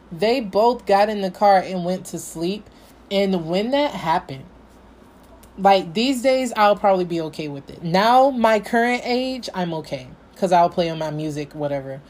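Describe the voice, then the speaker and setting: A young woman recounts a story in a casual vlog, bringing it to life by acting out what she said back then. Her pitch sits mid-range for a woman. Faint noise hums under the recording. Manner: animated storytelling, quoting her past self. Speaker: vlogger.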